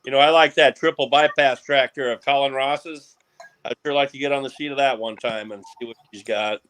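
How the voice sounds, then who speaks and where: A man's voice: medium pitch, fairly even intonation, a little fast, a bit bright, clean tone, rough recording. A man guest in a casual chat, plain-spoken and easygoing. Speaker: event organizer guest.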